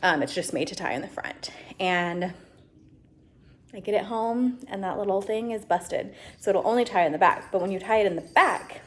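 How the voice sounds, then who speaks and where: A woman's voice: mid-range voice, normal speed, a bit bright. A woman chatting casually to her camera, exasperated and venting as she talks through her errands. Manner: ranting, exasperated, talkative. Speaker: vlogger.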